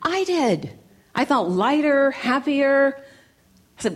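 A woman giving a lively talk to a church gathering, telling stories with playful, punchy repetition and plenty of animation. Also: a little high, slow, husky. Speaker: inspirational speaker. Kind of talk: storytelling talk to a live audience.

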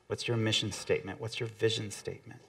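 A man's voice: on the low side, little pitch movement, fast talker, gravelly, a bit bright. A man giving a conversational motivational talk to an audience, often acting out quotes from other people.

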